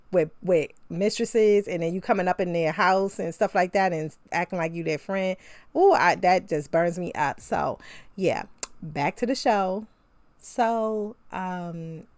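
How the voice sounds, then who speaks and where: Young woman chatting through a tv recap, kinda low voice, dry close sound, gets loud and fired up. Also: moderate pace, no echo. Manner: chatty and animated, with slangy asides. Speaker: TV show reviewer. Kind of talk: casual episode recap.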